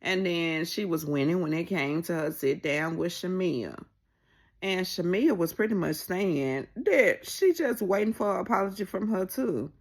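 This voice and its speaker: A woman casually recapping a reality show, acting out what people said with big swings in her voice. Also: moderate pace. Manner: animated, acts out quoted lines with pitch jumps.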